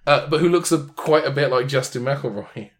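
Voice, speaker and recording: A man co-hosting a relaxed podcast, his voice at an everyday middle pitch. He riffs and jokes his way through tangents in loose, casual chat. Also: moderate pace. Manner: joking, riffing on tangents. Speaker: podcast co-host.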